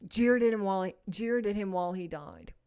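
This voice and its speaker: A woman preaching a sermon, earnest and emphatic, moving between soft, slow passages and louder, forceful ones. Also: mid-range voice, expressive, smooth.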